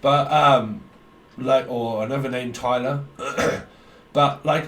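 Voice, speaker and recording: A man's voice: medium pitch, steady tone, slow, fairly bright tone. A man giving a rambling, blunt tarot reading, talking in a stream of consciousness and swearing freely. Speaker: tarot reader. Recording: echoey room, distant mic.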